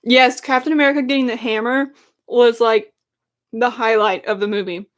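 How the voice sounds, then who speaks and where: A woman's voice: fairly high pitch, steady tone, normal speed. A young woman in her twenties rants casually to her stream chat, sarcastic and full of likes and ums.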